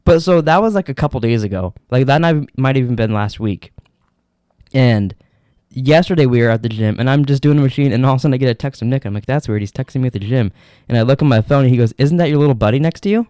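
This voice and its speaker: A man's voice: mid-range voice, expressive, quick pace, mellow, clear, resonant tone, no echo, studio quality. A young man co-hosting a podcast, telling rambling, profane stories in casual chat. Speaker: podcast co-host.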